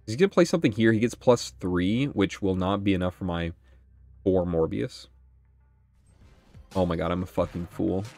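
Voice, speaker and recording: A young man giving excitable gameplay commentary, thinking aloud about his moves and swearing often. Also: deep voice, normal speed, vocal fry, pauses often, dry recording, soft background music. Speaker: gaming channel host.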